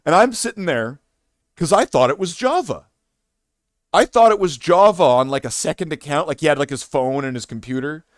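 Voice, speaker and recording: A man streaming who tells a story in a casual, animated way, swearing and restarting his sentences. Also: on the high side, dry recording, studio quality.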